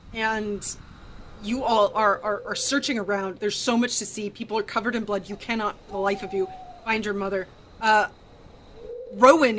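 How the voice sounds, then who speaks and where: A woman's voice: mid-range voice, a little hiss or hum. A woman narrating as game master of a tabletop role-playing game, who talks hesitantly with many fillers and restarts.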